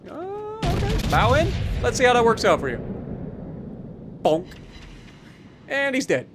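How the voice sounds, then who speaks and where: A man with a high voice narrates his gameplay in a loose, chatty way. His pitch swings widely as he teases enemy players and picks apart their mistakes with dry sarcasm. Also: sing-song, a little slow, background noise. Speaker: gaming YouTuber. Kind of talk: casual gameplay commentary.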